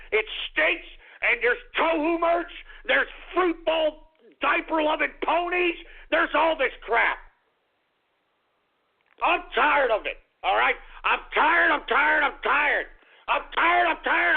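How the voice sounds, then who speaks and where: Screaming, hoarse, high-pitched ranting man. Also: slow. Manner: furious ranting, screaming and cursing. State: hoarse, voice going out. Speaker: radio show host. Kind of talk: ranting radio call-in show. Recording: tinny phone-line radio sound.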